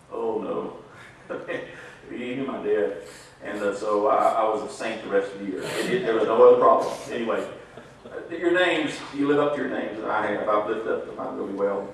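Folksy preacher in an echoey hall. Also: male voice, fairly low pitch, normal speed, vocal fry, slight background noise. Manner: folksy storytelling, laughs at his own jokes. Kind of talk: sermon. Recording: echoey hall, mic far off.

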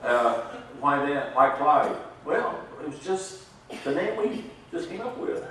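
A man's voice: a little high, sing-song, slow pace, a bit bright, slight background noise. A man preaching a sermon in a folksy storytelling way, laughing at his own jokes. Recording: echoey hall, mic far off.

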